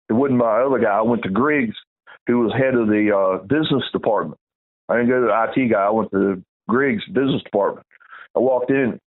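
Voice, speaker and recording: A middle-aged man telling a rambling, heated story in casual talk, with many restarts. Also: medium pitch. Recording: tinny phone-like audio.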